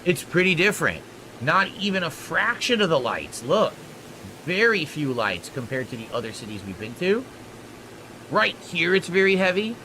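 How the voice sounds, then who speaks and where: A man's voice: on the high side, sing-song, normal speed, bright, forceful tone, slight background noise, low-quality recording. A man streaming live, chatting with viewers about his flight and pushing for donations. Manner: chatty, thanks supporters, pushes for donations. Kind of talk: live-stream chat while flying a sim.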